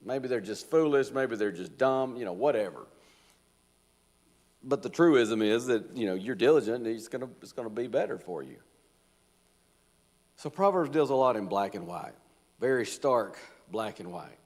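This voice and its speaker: A man teaches a Bible study in a loose, folksy way, acting out the lines he quotes. His voice sits mid-pitch and carries a long reverb from a church hall. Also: expressive, moderate pace, pauses often, a little mellow. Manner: folksy and conversational, with chuckles and acted-out quotes.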